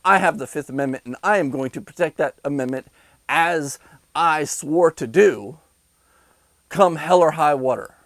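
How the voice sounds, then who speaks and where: A man's voice: on the high side, moderate pace, no room sound, poor audio. A man delivering an angry, sarcastic rant to his viewers, insulting them between bitter laughs. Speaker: vlogger. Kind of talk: angry ranting monologue.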